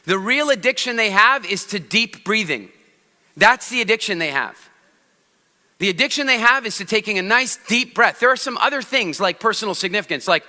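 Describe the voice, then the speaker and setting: A man with a very bright, ringing voice, pitched high for a man, leads a live seminar with playful energy. He keeps pulling the audience in to join him. The sound rolls around a large hall with a long, lingering reverb. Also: lively intonation, fairly quick. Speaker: public speaking trainer.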